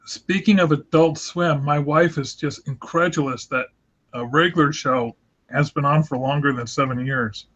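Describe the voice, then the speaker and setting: Guy rambling along while he draws, slightly high voice, dull lo-fi call sound. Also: moderate pace, a bit bright. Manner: chatty, rambling, self-deprecating. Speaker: host of an online drawing group. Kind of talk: casual chat while drawing. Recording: lo-fi voice call audio.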